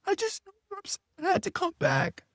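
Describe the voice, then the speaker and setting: Man doing a high-pitched, clingy young girlfriend, whiny and pleading, storytime bit. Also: huge pitch swings, fast talker, a bit bright, no echo, clean studio sound, full character voice. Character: upset young woman girlfriend, clingy and tearful.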